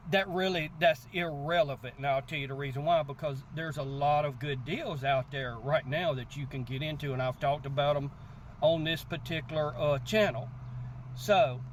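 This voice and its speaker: Animated man talking crypto outdoors. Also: fairly high pitch, normal speed, slight background noise. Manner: animated storyteller, repeats "guess what" and acts out quotes. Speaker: crypto channel host. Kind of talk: casual motivational talk to camera.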